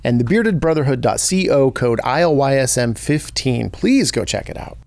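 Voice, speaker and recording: A man's voice: mid-range voice, moderate pace, no echo. A man co-hosting a podcast, chatting casually and reading a sponsor spot. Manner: relaxed, agreeable, many fillers. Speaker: podcast co-host. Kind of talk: casual chat and host-read ad.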